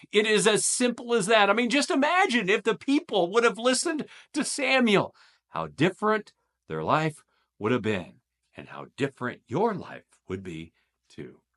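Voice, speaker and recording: A man hosts a short daily devotional with a lively, animated delivery. His pitch rises and falls widely as he reads scripture aloud and leans hard on the repeated words. His tone stays chatty and good-humored. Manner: lively and emphatic, stressing repeated words with a chuckle. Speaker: devotional host.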